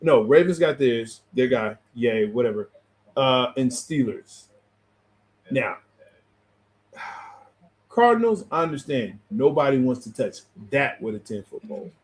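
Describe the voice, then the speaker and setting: A man's voice: medium pitch, very animated, unhurried, pauses often. A man co-hosting a casual sports debate show, blunt and teasing, laughing often as he argues his points. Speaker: co-host.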